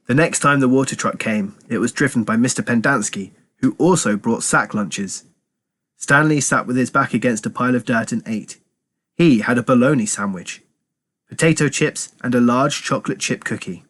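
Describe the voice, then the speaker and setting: A man, a teacher, reading a novel aloud to children in steady, clear storytelling narration. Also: medium pitch, moderate pace. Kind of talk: audiobook read-aloud narration.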